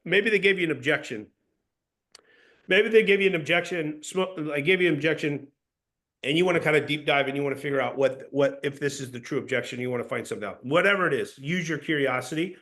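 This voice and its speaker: A lively, slightly higher-voiced man running a sales training. He talks casually and with energy, tossing in slang and praise as he coaches. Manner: casual, energetic, swears and says "dude".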